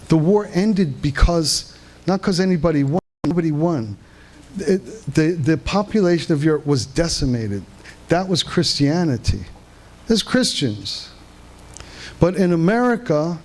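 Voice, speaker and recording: Halting male conference speaker. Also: a little high, a little mellow. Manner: halting, many restarts, asks the audience questions. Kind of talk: live lecture to an audience. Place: veterans hall, indoors.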